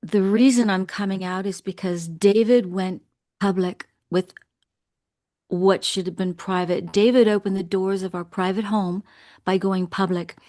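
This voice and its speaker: Speaking at a steady middle pitch, an earnest woman in her sixties recounts her own experiences during an interview. Her delivery is measured, though at moments she grows emotional.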